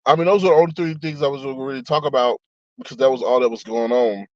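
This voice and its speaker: A man's voice: medium pitch, quick pace, dry recording, muffled recording. A man in casual chat on a live stream, reading viewer comments aloud and talking back to them. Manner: chatty, reads comments aloud, frequent laughs and asides.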